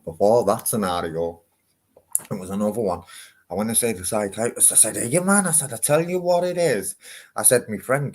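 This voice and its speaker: A man, talking in a casual, rambling vlog, swearing freely. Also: fairly low pitch. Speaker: vlogger.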